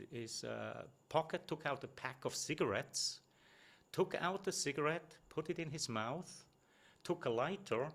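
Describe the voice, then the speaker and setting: A middle-aged man gives a presentation coach's feedback in an easy, conversational way. He keeps checking in with tag questions, restarts his phrases and stresses the words that matter, with a voice of ordinary pitch for a man. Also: creaky, fairly bright tone.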